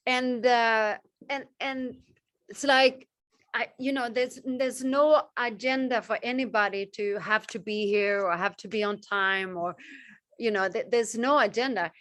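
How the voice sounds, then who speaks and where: Bright, slow-spoken woman teaching chant. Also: a little high, steady tone, dry recording. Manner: gentle, encouraging, halting with many restarts. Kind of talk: teaching Sanskrit chant pronunciation.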